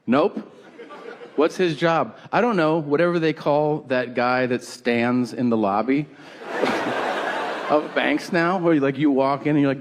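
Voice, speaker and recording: Guy doing stand-up, bit high, acts out every line of the convo, noisy live crowd room. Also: measured pace. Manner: incredulous storytelling, acting out both sides of a dialogue. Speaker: stand-up comedian. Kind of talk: stand-up comedy set. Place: live comedy venue with audience. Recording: live show with audience noise.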